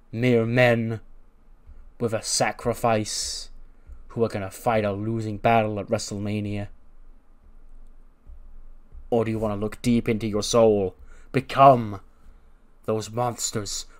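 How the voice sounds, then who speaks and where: A man voicing a menacing pro wrestler cutting a slow, dramatic promo with drawn-out pauses. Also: on the low side, little pitch movement.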